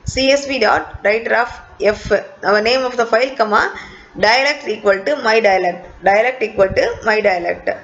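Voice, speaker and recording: A woman's voice: on the high side, normal speed, a bit bright. A woman teacher, explaining a lesson step by step and repeating key points. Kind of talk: recorded online class lecture. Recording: dull lo-fi recording.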